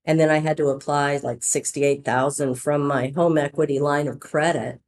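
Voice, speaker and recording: A woman founder telling her business story in a casual podcast interview, chatty and animated, acting out quoted dialogue. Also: deep voice, normal speed.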